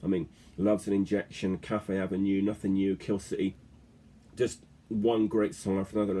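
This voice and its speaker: A man's voice: sits low, flat delivery, moderate pace, warm tone, slight background noise. A middle-aged man chatting casually about his records in a vlog, rambling along with lots of filler words and tag questions. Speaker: record collector host.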